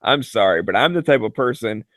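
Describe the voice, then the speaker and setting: A chat regular tells joking, profane stories in a loose, filler-heavy way, dropping "like" constantly and laughing often. His medium-pitched voice is animated, brisk and fairly bright. The sound is studio quality with no echo.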